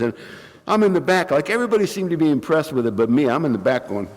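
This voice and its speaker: A man's voice: medium pitch, sing-song, fast, a little mellow. A man with bronchitis, coughing now and then, telling a wry, self-mocking story to a recovery meeting and acting out the quotes. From California. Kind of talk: humorous storytelling talk. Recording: reverberant hall.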